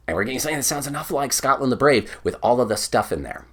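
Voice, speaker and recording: A man's voice: medium pitch, animated, racing, few pauses, a bit bright, husky. A man giving an online bagpipe lesson, patiently explaining each step and singing counts aloud. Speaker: bagpipe teacher.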